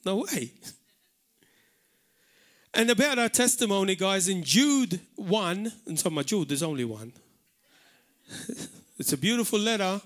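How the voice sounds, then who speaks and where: A man from Malta with a Maltese accent, preaching an animated sermon in a church hall. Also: high-pitched, a little slow, long pauses. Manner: animated preaching, shouting out acted warnings.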